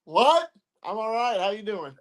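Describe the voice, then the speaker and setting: A man's voice: extremely high pitch, moderate pace, bright, forceful tone, poor audio. A man from Texas, a wrestling promotion owner talking cocky and brash, barking "What?" between his lines. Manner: cocky, interjects "What?" again and again.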